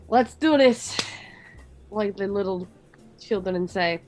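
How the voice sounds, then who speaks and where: A woman player in a tabletop role-play, speaking in slow, broken English as a stern, motherly female barbarian. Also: mid-range voice, a little mellow, faint music behind.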